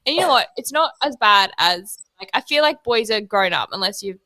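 A woman's voice: mid-range voice, expressive, brisk, sharp tone, no room sound. A woman, co-hosting a podcast and telling stories casually with lots of giggles. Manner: giggly storyteller, swears casually. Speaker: podcast co-host. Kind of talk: casual chat.

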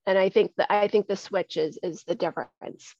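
A woman's voice: medium pitch, fairly even intonation, moderate pace, warm tone, no room sound. Candid woman guest on dull lo-fi audio. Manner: earnest, repeats words as she thinks. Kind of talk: candid conversational interview. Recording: dull lo-fi recording.

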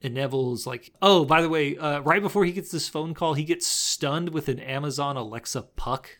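A man's voice: a little high, a bit bright. A man co-hosting a podcast, casually recapping a movie scene by scene, laughing often and briefly acting out the characters' lines. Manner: laughs often, recounts scenes with quick impressions. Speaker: podcast co-host.

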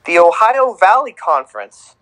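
A man's voice: sits high, sing-song, normal speed, a bit bright, low-quality recording. A man co-hosting a casual sports podcast, announcing tournament teams in a playful, sing-song way. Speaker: podcast co-host.

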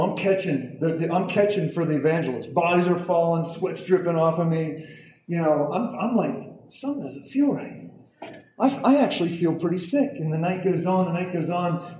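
Emphatic male preacher, high voice, echoey hall, distant mic, faint hiss. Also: darkish tone. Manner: emphatic, repeats words, asks audience "okay?". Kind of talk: sermon testimony storytelling.

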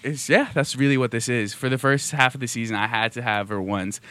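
A man's voice: mid-range voice, fairly even intonation, brisk, a bit bright. A young man hosting a casual, joking podcast in a college radio studio, rambling through playful stories into a studio mic. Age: young adult. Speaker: podcast host. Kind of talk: casual comedic chat. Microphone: studio microphone.

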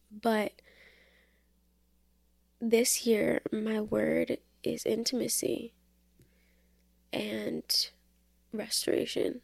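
A woman's voice: a little high, creaky, darkish tone, dry recording. A young woman hosting a casual Christian podcast, talking earnestly with lots of fillers. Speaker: podcast host. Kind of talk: casual faith talk.

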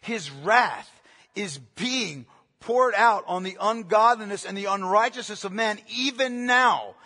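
A man's voice: high-pitched, pushed and bright, husky, big-room sound. A man preaching a sermon as pastor, earnest and emphatic, repeating his key phrases for stress.

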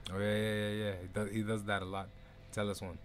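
Deep-voiced laid-back stream host. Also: male voice, flat delivery, quick pace, slight background noise. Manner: laid-back, swears a lot, drops Arabic phrases. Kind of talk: casual live stream chat.

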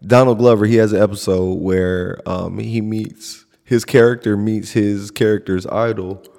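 Gravelly young man telling animated stories. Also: on the low side, moderate pace, in a large hall. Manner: animated storyteller, breaks into laughter and loud retellings. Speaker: podcast co-host. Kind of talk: casual chat.

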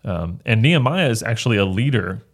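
A man's voice: lowish voice, animated, a little fast. A man, a pastor, talking through a book of the Bible in a casual discussion, earnest and often restarting his phrases as he reads verses aloud.

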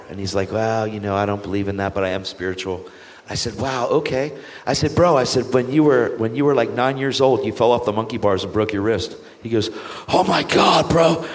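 A man's voice: lowish voice, big-room sound. A man, an evangelist guest, telling a testimony with animation and acting out the people he quotes. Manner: animated, acts out quoted voices. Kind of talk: storytelling testimony.

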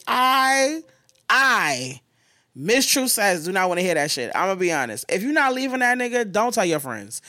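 A woman's voice: medium pitch, normal speed, no echo. Woman host ranting blunt and sweary, dry close sound, no room at all. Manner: blunt, profane, animated venting. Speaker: podcast host. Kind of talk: casual chat.

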